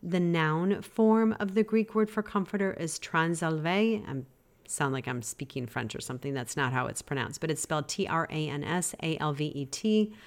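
A woman hosting a devotional podcast, teaching in an earnest, gently exhorting way. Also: sits low, expressive, moderate pace. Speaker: podcast host.

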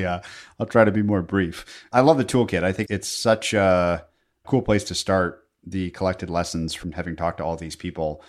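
A man's voice: low-pitched, fairly even intonation, brisk. A man co-hosting a podcast, asking long enthusiastic questions in a casual way. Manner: enthusiastic, rambling, laughs at himself. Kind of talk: casual conversational interview.

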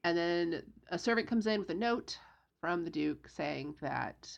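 Low, gravelly woman recapping a book. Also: a little slow, lo-fi sound. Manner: animated retelling with voiced quotes of characters. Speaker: podcast co-host recapping a novel. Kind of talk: casual book discussion chat.

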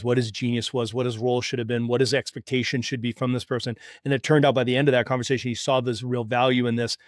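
A man hosting a podcast, telling a client story in a casual, animated way, acting out the quoted dialogue and checking in with "right?" and "you follow me?". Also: medium pitch, dry recording, studio quality. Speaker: podcast host and practice exit consultant.

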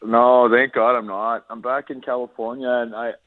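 A man's voice: medium pitch, level tone, normal speed, no room sound. A laid-back man from Canada, a guest telling a story casually over the phone. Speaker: guest analyst. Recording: tinny phone line.

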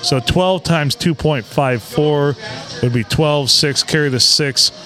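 A man's voice: fairly high pitch, slow, sharp tone, soft background music. A man co-hosting a podcast in casual comedic chat, joking and swearing freely, laughing often. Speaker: podcast co-host. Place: sports bar.

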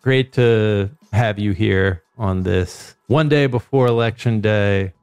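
A man's voice: on the low side, slow pace, darkish tone, clean tone, dry recording. A man hosting a podcast in casual comedic chat, rambling and joking with a co-host.

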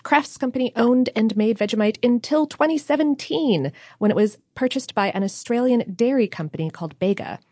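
A woman's voice: a little high, moderate pace, few pauses, darkish tone, no echo. A woman co-hosting a podcast who chats casually, reads a short passage and makes dry, teasing remarks. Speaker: podcast co-host. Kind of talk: casual chat and reading.

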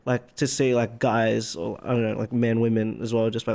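Gravelly-voiced man chatting. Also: medium pitch, level tone, darkish tone. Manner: reactive, quick interjections. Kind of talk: casual chat.

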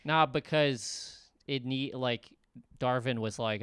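A man's voice: medium pitch, slow, a bit bright, clean tone, dry recording. A man co-hosting a casual sports podcast, making dry, sarcastic remarks. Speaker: podcast co-host.

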